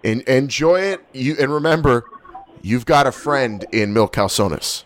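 A man hosting a wrestling talk show in energetic, hypey casual chat. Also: medium pitch, measured pace, noisy background. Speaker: podcast host.

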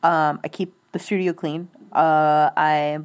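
A woman's voice: low voice, level tone, slow, dull audio. A young woman chatting casually as a guest, rambling and laughing at her own jokes. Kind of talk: casual chat.

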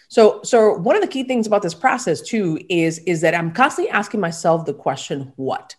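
A woman's voice: medium pitch, very animated, brisk, few pauses. A woman guest on a podcast, a motivational speaker who talks animatedly and acts out little back-and-forth dialogues. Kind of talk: podcast conversation.

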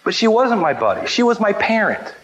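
A man telling humorous family stories about his mother to a live audience, animated and acting out the voices in his anecdotes. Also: high voice, brisk, dull audio. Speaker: speaker sharing memories of his mother. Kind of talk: storytelling talk to a live audience.

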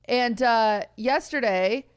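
A young woman chatting on a podcast, telling stories with lots of energy. Her voice is fairly high and lively, and she jumps up into a shrill register whenever she plays someone she is quoting. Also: takes it slowly, smooth. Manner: animated storyteller, acts out quotes in high voices. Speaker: podcast co-host. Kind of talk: casual chat.

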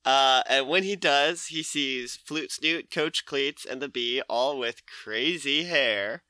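A man's voice: mid-range voice, slow pace, bright, forceful tone, clean tone, no room sound. A man hosting a podcast, casually recapping a comic and acting out the characters' lines with laughs. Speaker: podcast host.

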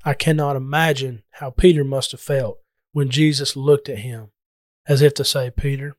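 A man's voice: mid-range voice, fairly even intonation, normal speed, dry recording, studio quality. A man preaching a Bible lesson, reading scripture in an earnest, emphatic way.

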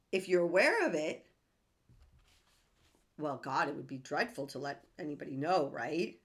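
A woman's voice: low-pitched, fairly bright tone. A woman hosting a self-help podcast, speaking earnestly and emphatically and often asking rhetorical questions. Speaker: podcast host.

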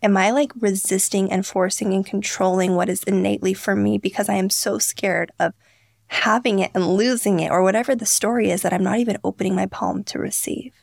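An earnest young woman tells stories on a podcast, slipping into quoted voices as she goes. Her voice carries a gravelly fry. The sound is dry and close. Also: mid-range voice, fairly even intonation, a little fast, no echo. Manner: earnest, storytelling, acts out quotes. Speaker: podcast guest, founder. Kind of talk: candid interview talk.

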